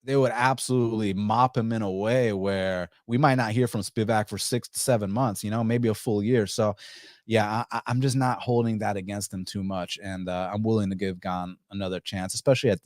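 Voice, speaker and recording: A man's voice: lowish voice, fairly even intonation, a little fast, no room sound, clean studio sound. A man hosting a casual fight-betting show, rambling and profane, with many restarts. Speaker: podcast host.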